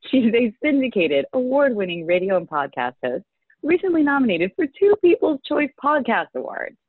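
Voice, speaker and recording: Enthusiastic female podcast host, animated pitch, thin phone-like sound. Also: no room sound. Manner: bubbly, enthusiastic. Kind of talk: interview host chat. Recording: dry, tinny phone-like line.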